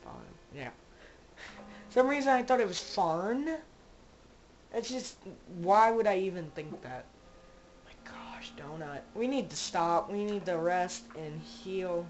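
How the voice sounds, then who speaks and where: A woman's voice: fairly low pitch, animated, measured pace, a little mellow, a little hiss or hum, poor audio. A woman giving casual let's-play commentary, rambling and joking as she talks to her game characters. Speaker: gamer playing a zombie survival game.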